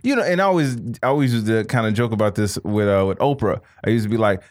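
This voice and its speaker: A man co-hosting a podcast in casual, profane banter, animated and mocking, swearing freely. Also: fairly low pitch, fast, hardly any pauses. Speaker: podcast co-host.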